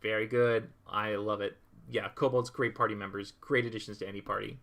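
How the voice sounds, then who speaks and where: A man's voice: fairly low pitch, little pitch movement, brisk, vocal fry, a bit bright. A young man from California chatting casually on a livestream, reading viewer comments aloud and riffing on them with laughs. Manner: chatty, reads chat aloud and riffs with laughs. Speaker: streamer drawing and reading chat.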